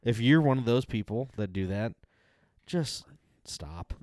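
A man's voice: mid-range voice, expressive, a little slow, darkish tone, no room sound, clean studio sound. A man co-hosting a casual podcast chat, laid-back and agreeing, with blunt complaints about people. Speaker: podcast co-host.

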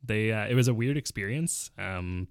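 A man, co-hosting a podcast and telling a story in casual, animated chat. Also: lowish voice, moderate pace, dry recording, studio quality. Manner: storytelling, animated when quoting. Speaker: podcast co-host.

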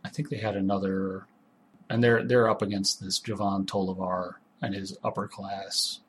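A man's voice: sits low, little pitch movement, moderate pace, a little hiss or hum. A man acting as game master, narrating scenes and explaining the setting in a matter-of-fact way.

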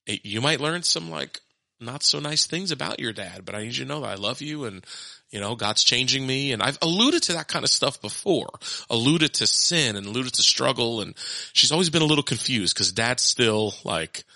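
A man's voice: medium pitch, normal speed, creaky, dry recording. A man in his thirties telling a family story in casual chat, acting out quotes and laughing often. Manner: animated, laughing, acts out quotes.

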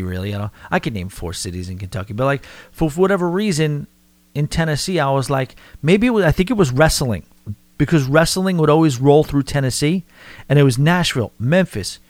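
A man's voice: fairly high pitch, animated, a little fast, dry recording. Male podcast host, New York accent, loose rambling delivery, dead-dry close mic. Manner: rambling, conversational, frequent restarts and fillers. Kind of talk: casual podcast monologue answering listener mail.

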